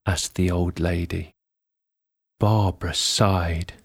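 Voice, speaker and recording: Gently and slowly, a man reads a bedtime story aloud in a lowish, animated, slightly rough voice. He occasionally drops to a soft whisper for little asides.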